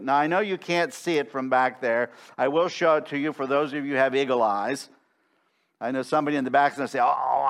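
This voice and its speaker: A middle-aged man preaching a sermon in a church, emphatic and slowing down to stress key phrases. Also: mid-range voice, fairly bright tone. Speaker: pastor. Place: church sanctuary.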